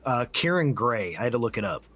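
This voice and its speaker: A man's voice: medium pitch, sing-song, fairly quick, sharp tone. A man co-hosting a podcast in casual chat, agreeing often and joking about wrestlers. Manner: agreeable, chatty, jokes with mock voices. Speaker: podcast co-host.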